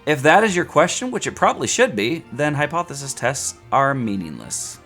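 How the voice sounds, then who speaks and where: Animated, joking male statistics teacher. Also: mid-range voice, moderate pace, faint music behind. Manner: chatty and joking, with rants and self-mocking asides. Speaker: statistics instructor. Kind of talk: casual video lecture.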